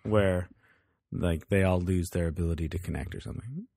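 Low husky-voiced man, chatty and laughing. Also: a little fast, mellow, no room sound, clean studio sound. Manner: laughs often, acts out characters' lines. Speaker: podcast co-host. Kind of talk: casual TV review chat.

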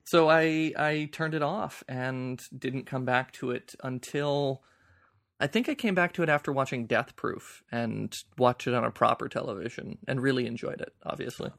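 Brief: male podcast co-host, mid-pitched with some vocal fry, casual rambling film talk. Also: normal speed, a bit bright. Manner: rambling, restarts a lot, conversational. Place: home, remote from co-host.

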